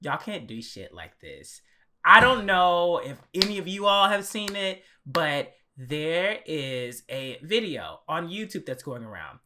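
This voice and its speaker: Excitable, profane young man on a podcast. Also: a little high, a little slow. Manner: animated, profane storytelling, acts out his own reactions. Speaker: podcast co-host. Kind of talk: casual podcast chat.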